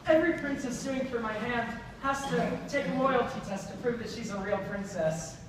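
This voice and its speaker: A man's voice: extremely high pitch, normal speed, background noise. A young man playing a naive, eager prince. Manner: childlike, excitable. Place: school theatre stage. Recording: echoey hall, recorded from far off.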